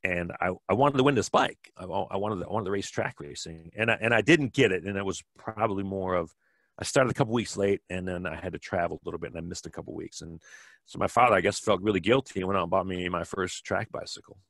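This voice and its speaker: Middle-aged Wisconsin man, podcast guest, low voice, dry close sound, rambling storyteller. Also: quick pace, gravelly, fairly bright tone, no room sound. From Wisconsin, USA. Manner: rambling, many fillers and restarts. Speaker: podcast guest, bike fitter. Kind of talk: casual storytelling.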